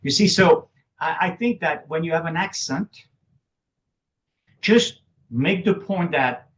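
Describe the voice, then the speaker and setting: A man's voice: a little high, takes it slowly, a bit bright. A man with a French accent, speaking French as his first language, talks as a guest in an interview. He uses broken English grammar, chuckles often and restarts his sentences. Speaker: guest, public speaking coach. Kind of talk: casual interview talk. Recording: dull lo-fi recording.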